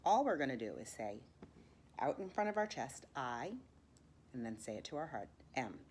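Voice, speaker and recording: A woman teaching meditation, counting breaths and guiding a mantra, often dropping into soft whispers. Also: rumbling low, sing-song, normal speed, a little hiss or hum. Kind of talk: guided meditation lesson.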